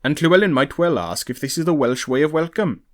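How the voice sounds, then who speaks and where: A man reading aloud, voicing a proud, touchy young nobleman who speaks sharply and quickly. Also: mid-range voice, a little mellow, close to an everyday voice. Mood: snapping.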